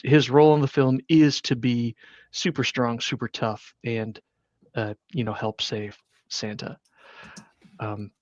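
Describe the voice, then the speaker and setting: A man's voice: mid-range voice, no room sound, dull audio. A man hosting a podcast, chatting casually about a movie and rambling with many fillers and restarts. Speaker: podcast host. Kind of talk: casual movie review chat.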